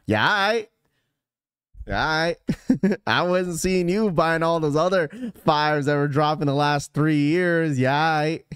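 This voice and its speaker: Male streamer-host, smooth voice with dry close sound, loose, jokey and animated. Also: a little high, measured pace, dry recording. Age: adult. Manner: animated, joking, ranting to chat. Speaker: sneaker podcast host. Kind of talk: casual livestream chat.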